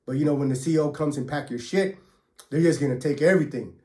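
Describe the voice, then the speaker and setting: Recorded in an echoey room, a man with a slightly high, darkish voice talks fast as he casually recounts a prison story. He swears freely, uses street slang, and mimics the punches as he tells it.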